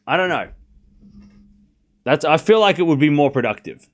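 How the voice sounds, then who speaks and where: A young man hosting a live tennis watchalong stream, chatting casually and excitedly repeating the score as points are played. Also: a little high, slow. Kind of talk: live casual play-by-play commentary.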